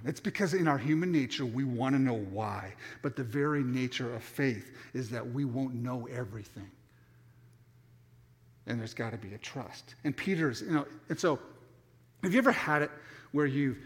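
A man's voice: mid-range voice, a bit bright. A middle-aged man preaching a sermon as pastor, telling stories animatedly and acting out the voices, with frequent restarts. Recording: long hall reverb.

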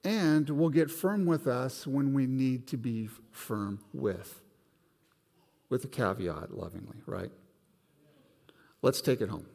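A man's voice: mid-range voice, slow, gravelly, long pauses, in a large hall. A man preaching a sermon to his church, telling a personal story and acting out the voices in it. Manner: animated storyteller, acts out voices. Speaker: pastor. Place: church sanctuary.

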